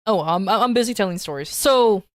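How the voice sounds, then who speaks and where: A woman on a casual livestream tells a long story, swearing freely and restarting her sentences. Her voice sits at a medium pitch. The recording is dry and close, with no room sound. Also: lively intonation, normal speed, no echo. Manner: profane, rambling, many restarts and fillers. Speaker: streamer.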